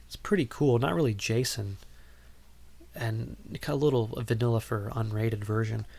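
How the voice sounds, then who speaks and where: A man's voice: medium pitch, moderate pace, vocal fry, a little mellow. A man hosting a podcast, recapping a film in a casual, rambling way with lots of ums and wry asides. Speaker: podcast host.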